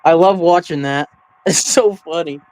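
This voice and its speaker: A man's voice: a little high, a little slow, a little mellow, rough recording. A young man filling in as host of a casual chat show, laughing often as he talks. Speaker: stand-in host.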